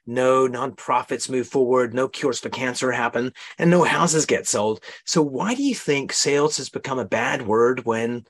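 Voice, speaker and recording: A man's voice: medium pitch, moderate pace, hardly any pauses. A man hosting an interview podcast, explaining ideas in a coaching, demonstrative way. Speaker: host.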